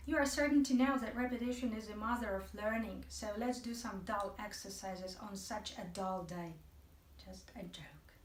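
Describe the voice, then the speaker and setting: A woman's voice: mid-range voice, moderate pace, hardly any pauses, far from the mic. A woman teaching an English video lesson, chatty and playful, speaking straight to her viewers. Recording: echoey room, voice from off the mic.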